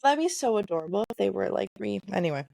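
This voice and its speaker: A woman co-hosting a casual book podcast, retelling scenes quickly with "and he's like" and sighing, exasperated asides. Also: mid-range voice, animated, gravelly, a little mellow, dry recording, studio quality. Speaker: podcast co-host. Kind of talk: casual book-club chat.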